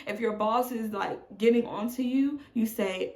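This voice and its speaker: A woman's voice: on the high side, steady tone, normal speed, few pauses. A woman in her thirties, a mom vlogger, talking candidly and emotionally to camera from home, calling her viewers y'all. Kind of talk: candid confessional chat to camera. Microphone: phone on tripod. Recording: echoey room.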